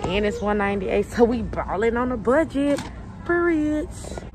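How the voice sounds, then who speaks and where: A woman's voice: fairly high pitch, expressive, measured pace. A woman vlogging casually to camera, chatting to her viewers and calling them y'all. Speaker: family vlogger. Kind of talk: casual vlog chat to camera. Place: car, then store aisles and home. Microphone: handheld phone camera. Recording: noisy handheld phone audio.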